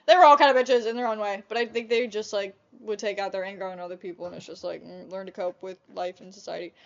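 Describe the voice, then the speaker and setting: A young woman vlogger telling a casual storytime about old jobs, chatty and animated, swearing often. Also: mid-range voice, fast talker, muffled recording.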